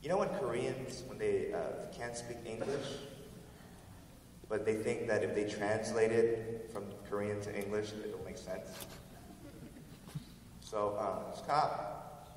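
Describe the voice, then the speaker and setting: A man's voice: on the low side, fairly even intonation, slow pace, pauses often, a little mellow. A man from the United States doing a casual, slangy stand-up comedy set on stage. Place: large university event hall. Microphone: audience phone far from the stage. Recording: distant phone recording in an echoey hall with audience noise. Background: audience laughter and hall noise.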